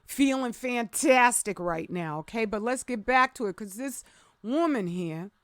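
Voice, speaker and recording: A middle-aged woman hosting a reaction commentary, talking emphatically and preachily, dropping to low murmurs and jumping to excited high exclamations. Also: a little slow, dry recording, clean studio sound. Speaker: commentary video host.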